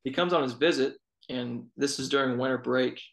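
A man's voice: medium pitch, normal speed, gravelly, low-quality recording. A young man, an assistant college baseball coach, telling stories casually in an interview with many fillers. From Texas. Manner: storytelling, relaxed, many fillers.

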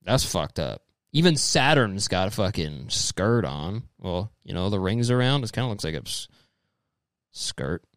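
Profane, animated young man riffing casually. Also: low voice, unhurried, no echo. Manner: profane, rambling, says "dude" constantly; mocking, slips into exaggerated quoted voices. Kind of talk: casual comedic commentary reading messages aloud.

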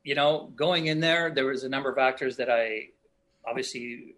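A middle-aged actor telling casual, animated stories from past shoots in an interview, often acting out other people's lines. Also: male voice, medium pitch, normal speed. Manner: animated anecdotes, voices other people in quotes. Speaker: actor guest.

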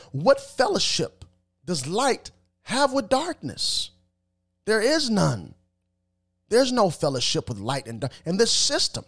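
A man delivers religious commentary in an emphatic, sermon-like way, sometimes tripping over repeated words. His pitch sits a little high and swings widely. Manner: preachy, emphatic, repeats words when stumbling.

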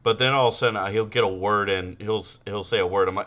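A man's voice: fairly low pitch, sing-song, fast talker, few pauses, sharp tone, dull audio. A man co-hosting a podcast, trading profane jokes in casual chat and often laughing. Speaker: podcast co-host.

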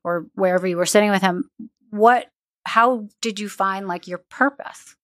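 A woman's voice: medium pitch, moderate pace, no room sound. A woman interviewing a guest, asking questions and giving short, attentive responses.

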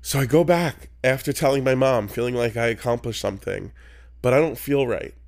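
A middle-aged man hosting a podcast, telling a personal story in casual chat and acting out the people in it with lively jumps in his voice. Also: brisk, vocal fry. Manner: animated, acts out quoted voices with big pitch jumps. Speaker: podcast host.

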